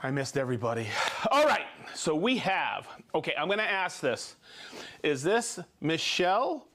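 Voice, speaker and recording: A man's voice: on the high side, sing-song, a bit bright. A man hosting a live show, reading out viewers' names and hometowns with jokes and stumbles over hard names. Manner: jokey, stumbles over place names, quick asides. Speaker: livestream host.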